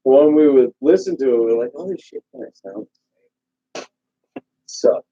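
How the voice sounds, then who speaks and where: A man's voice: mid-range voice, lively intonation, measured pace, warm tone, breathy edge. A man hosting a casual call chat, swearing and bantering animatedly. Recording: tinny call audio.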